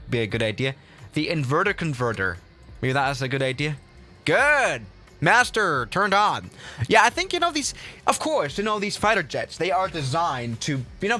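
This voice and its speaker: A man's voice: mid-range voice, pushed and bright. A man hosting a casual flight-sim livestream, chatty and rambling, with lots of fillers and restarts.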